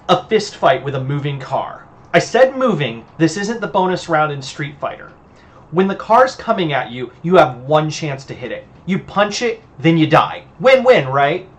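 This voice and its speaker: Woman, novelist, reading own novel aloud, livestream, sardonic, punchy. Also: low-pitched. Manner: sardonic, punchy first-person delivery.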